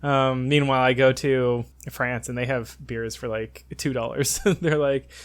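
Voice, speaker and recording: Man, 20s, podcast co-host, casual chat, rambling, laughs often, fillers, mid pitch. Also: fairly even intonation, a little slow, clear, resonant tone.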